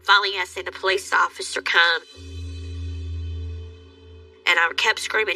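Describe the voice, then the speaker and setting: An older woman tells her story in a halting, emotional way, her voice gravelly and bright. She sounds set back from the mic. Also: on the low side, fairly even intonation, soft background music. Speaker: interviewee recounting a crime. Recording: voice from far off the mic.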